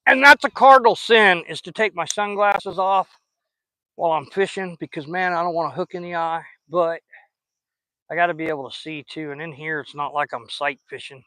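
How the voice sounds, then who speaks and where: A chatty man with a Southern US drawl rambles in a folksy way as he fishes outdoors on a river. His voice sits a little high and rings bright and forceful, and the sound is dry and close. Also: normal speed, no room sound, low-quality recording. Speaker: fishing vlogger. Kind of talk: casual chat while fishing.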